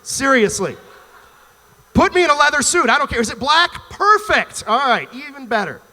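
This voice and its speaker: A male comedian voicing a brash young male ginger hero who hates the sun, ranting loudly in a stand-up bit. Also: high-pitched, quick pace. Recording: reverberant live venue.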